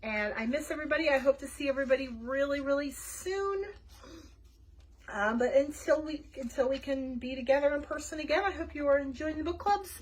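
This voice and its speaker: A woman's voice: high voice, fairly quick, low-quality recording. A woman librarian reading a children's book aloud and chatting with young listeners, friendly with casual fillers.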